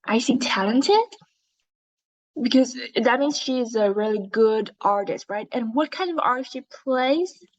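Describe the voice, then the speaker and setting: A woman's voice: on the high side, a little slow, dull audio. A woman teaching an English reading lesson to young learners, patient and encouraging, modelling how to read with expression.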